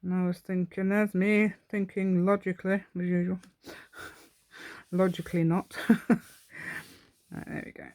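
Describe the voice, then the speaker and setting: Woman host, low-ish voice, rambling and giggly self-talk while demonstrating a craft; dry sound. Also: level tone, a little slow, long pauses, darkish tone, no echo. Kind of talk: chatty step-by-step craft tutorial.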